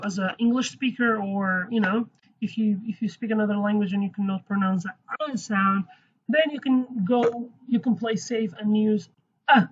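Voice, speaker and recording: Brief: female teacher, slightly high, husky voice, chatty self-correcting delivery, dull lo-fi recording. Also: fairly bright tone. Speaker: language teacher. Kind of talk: casual spoken lesson.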